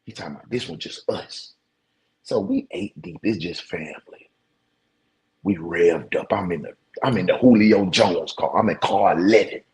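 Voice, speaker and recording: A man in his forties, a show host, casually telling stories to his viewers in an animated, slangy way. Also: low-pitched, normal speed, slightly rough, poor audio. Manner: animated, slangy, talks straight to his audience.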